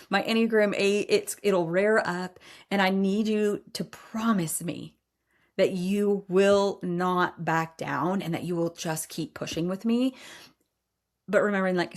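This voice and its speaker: A woman in her forties hosting a podcast, telling personal stories in a candid, emphatic way and laughing now and then. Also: medium pitch. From Iowa. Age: 40s. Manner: candid, emphatic, says y'all, laughs often. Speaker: podcast host. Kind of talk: personal storytelling monologue.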